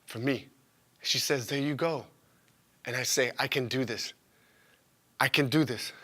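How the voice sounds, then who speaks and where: A man in his twenties performing a theatrical spoken-word monologue, raw and profane, swinging from loud outbursts to hushed confession. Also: medium pitch, steady tone, unhurried, breathy edge. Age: 20s.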